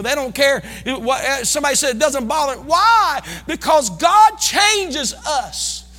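A middle-aged Midwestern American man preaching in a church sanctuary, his voice very high for a man and sharply bright. He is folksy, shouting one moment and dropping to low asides the next. A long reverb trails every line. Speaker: pastor. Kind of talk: sermon.

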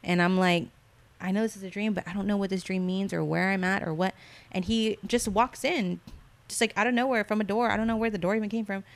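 A young woman recounts her dreams as a guest in casual chat, rambling, using lots of fillers, and acting out what people said. Her medium-pitched voice is fairly even in intonation and quick in pace.

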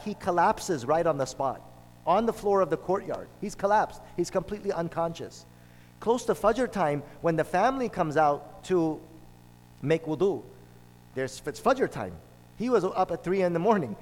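A man's voice: sits high, lively intonation, normal speed. A man preaching a sermon, telling a story and driving points home with repeated phrases. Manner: storytelling, emphatic with repetitions. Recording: long hall reverb.

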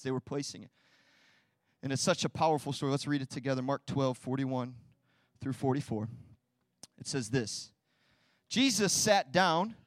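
Young guy preaching, high voice, gets loud then goes quiet, slangy, dry close sound. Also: no room sound. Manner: energetic, swings from quiet to loud, casual slang. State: tearful. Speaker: pastor. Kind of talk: sermon.

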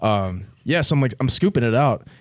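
A man's voice: medium pitch, animated, a little fast. A man casually telling a story on a podcast, laid-back and profane, often laughing through his words. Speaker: military veteran guest telling a story.

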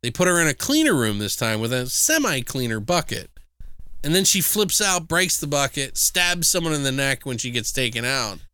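A man's voice: medium pitch, very animated, moderate pace, sharp tone, smooth, no room sound. A man co-hosting a film review podcast, recapping plots in a rambling, profane, casual way. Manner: rambling, profane, acts out quotes in voices. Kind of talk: casual chat.

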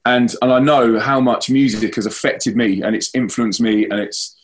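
A London-accented evangelist who fronts a band chats upbeat and casual in an interview, restarting his sentences often. His voice is medium-pitched with fairly even intonation at a moderate pace.

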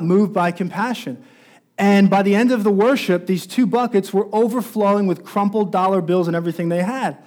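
A pastor with a high, darkish voice tells a story in his sermon, his intensity rising as it builds toward its climaxes.

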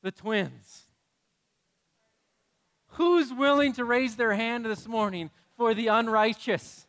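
A man preaching a sermon as pastor, playful and animated, swinging from loud bursts to hushed drops. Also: very high voice, measured pace, long reverb tail. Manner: playful, animated delivery with sudden loud rises and soft drops.

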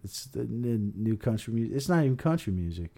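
A man's voice: on the low side, very animated, a little fast, gravelly, mellow. A man co-hosting a podcast, chatting loosely with lots of fillers and swearing. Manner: loose, rambling, filler-heavy. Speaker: podcast co-host. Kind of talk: casual podcast chat.

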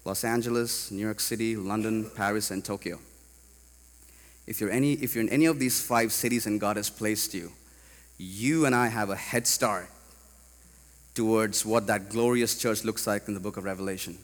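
A man from India preaching a sermon to a congregation, animated and rising to loud emphatic peaks. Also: fairly low pitch, moderate pace, long reverb tail. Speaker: pastor. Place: large church hall.

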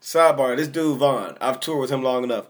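A man hosts a casual podcast. He asks questions and teases his guest with a jokey manner. His voice is mid-pitched and relaxed. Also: a little fast. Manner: teasing, jokey interviewer. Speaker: podcast host.

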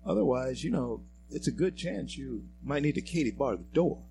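A man's voice: medium pitch, lively intonation, moderate pace, creaky, noisy background. A male radio talk show host giving emphatic, preachy political commentary and speaking straight to his listeners. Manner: emphatic, preachy, addresses listeners as folks and friends.

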